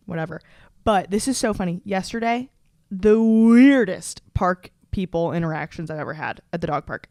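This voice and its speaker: A woman's voice: medium pitch, a little mellow, no echo, studio quality. A woman in her twenties, a podcast host telling casual stories in a chatty, profane way, full of fillers and restarts. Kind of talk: casual storytelling chat.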